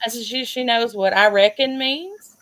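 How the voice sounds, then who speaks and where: A woman with a Southern US accent, hosting a stream and telling stories in a casual, animated way, laughing often. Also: a little high, normal speed. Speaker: host. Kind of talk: casual storytelling chat.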